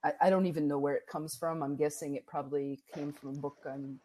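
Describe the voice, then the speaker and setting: Low-voiced calm woman guest. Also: rough recording. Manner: thoughtful, calm, pauses to find words. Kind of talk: casual interview chat. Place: home with a dog nearby.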